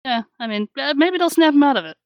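A woman's voice: high voice, animated, fast, no echo, highs cut off. A woman player in a tabletop game, chatty and laughing often. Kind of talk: casual tabletop game play.

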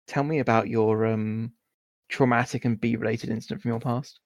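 A man's voice: medium pitch, fairly even intonation, moderate pace, dry recording, studio quality. A man narrating as game master in a casual, rambling way, full of "like" and filler words. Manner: rambling, filler-heavy, giggly.

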